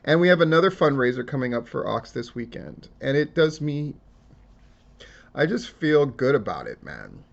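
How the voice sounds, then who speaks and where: A man's voice: mid-range voice, very animated, normal speed, creaky, highs cut off. A man giving casual solo commentary on wrestling news, talking in a profane, rambling and emotional way. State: tearing up.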